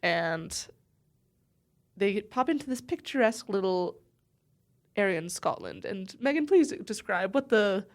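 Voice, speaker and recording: A woman's voice: medium pitch, unhurried, long pauses. A woman co-hosting a book-discussion podcast, chatting casually and reading passages aloud with expression. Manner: animated reader, puts expression into quoted dialogue. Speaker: podcast co-host.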